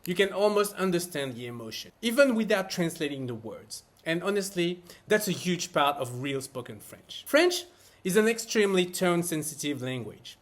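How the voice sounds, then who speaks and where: A man narrating a scripted French lesson, explaining everyday phrases with expressive emphasis. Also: sits high, normal speed. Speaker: French teacher.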